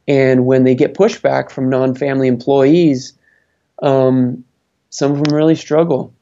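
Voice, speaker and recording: A man's voice: mid-range voice, little pitch movement, measured pace, dark tone. A man advising on family businesses, speaking thoughtfully with many fillers and restarts. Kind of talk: conversational interview answers. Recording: dull lo-fi sound.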